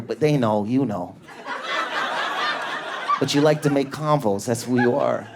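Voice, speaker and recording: A man doing a stand-up comedy set in a club, riffing at high energy on an audience member. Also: normal speed, pauses often, background noise. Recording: live club with a laughing crowd. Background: audience laughter.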